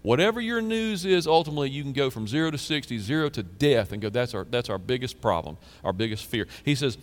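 Man preaching, pastor, reads psalms with emphasis, chatty asides, middle pitch, long hall echo. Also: expressive, fairly quick. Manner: earnest preaching, reading psalms aloud with emphasis; conversational asides, repeats phrases. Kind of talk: sermon.

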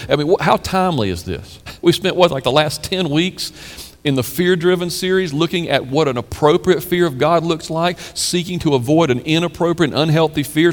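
A man's voice: fairly high pitch, long reverb tail. A man preaching a sermon as pastor, building to emphatic peaks and asking rhetorical questions of the congregation.

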